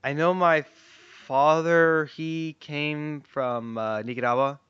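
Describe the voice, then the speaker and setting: A man's voice: a little high, steady tone, takes it slowly, fairly bright tone, smooth, dry recording. Man, podcast host, casual chat, easygoing, dull lo-fi audio.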